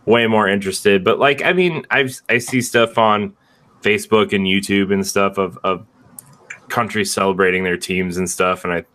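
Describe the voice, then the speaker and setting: Young male co-host, lowish voice, loose rambling talker. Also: steady tone, normal speed, a bit bright. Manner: rambling, many restarts and "like"s. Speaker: podcast co-host. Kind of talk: casual chat.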